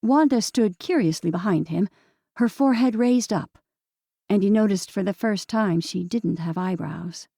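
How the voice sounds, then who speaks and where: A woman narrating an audiobook in a calm, steady storytelling manner. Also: medium pitch, moderate pace, gravelly, dry recording, studio quality. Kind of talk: scripted narration.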